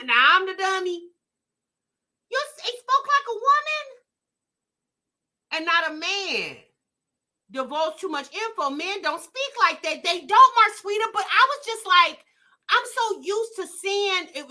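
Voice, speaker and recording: A woman hosting a reaction vlog, talking to her live chat with a high, bright and very ringing voice. She is animated and exclamatory, swinging her pitch widely and stumbling through restarts as she reacts. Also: measured pace. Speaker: vlog host reacting to a video.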